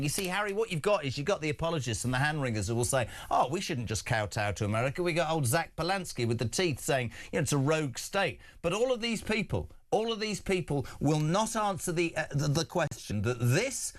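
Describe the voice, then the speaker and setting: A man's voice: fairly high pitch, animated, a little fast, few pauses. A man presenting talk radio, speaking in a combative, rousing, opinionated way and turning to his co-host directly.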